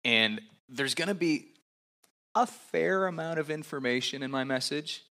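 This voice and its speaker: A man, a pastor, giving a relaxed, conversational sermon with frequent fillers and asides. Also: fairly high pitch, a little slow.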